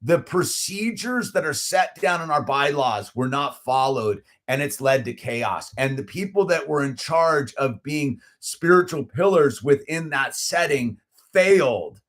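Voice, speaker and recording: A middle-aged man with a slightly high voice tells a story in loose, casual chat. He gets animated and heated, leans on "dude" and "like," and restarts his sentences often. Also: a little slow. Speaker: channel host.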